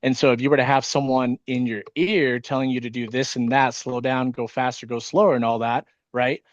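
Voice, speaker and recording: Fast-talking, nervous man on a video call. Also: medium pitch, steady tone, no echo, muffled recording. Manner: fast, casual, swears often. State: nervous and wired on caffeine. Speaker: insurance sales team leader. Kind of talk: casual talk on a video call. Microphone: video call microphone.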